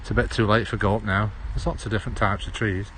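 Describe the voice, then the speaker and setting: A Stoke-on-Trent man with a fairly low, slightly bright voice and little pitch movement talks fast on a handheld-phone livestream as he walks through an outdoor park. He's chatty and rambling, dropping H's in his Potteries accent, with slight background noise.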